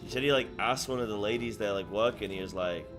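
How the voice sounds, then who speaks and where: Streaming a game, a man chats casually and rambles, halting often with lots of fillers and restarts. His voice is on the low side, heard over music.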